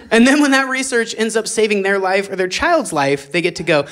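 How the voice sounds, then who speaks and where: A man's voice: high-pitched, very animated, brisk, few pauses, a bit bright. A man doing a stand-up comedy set, rambling through absurd ideas and chuckling at his own jokes.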